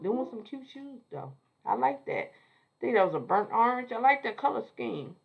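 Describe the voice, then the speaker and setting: A woman's voice: fairly high pitch, sing-song, normal speed, creaky, breathy edge, highs cut off. A woman giving a chatty, sassy, slang-filled casual recap of a TV episode. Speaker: show recapper.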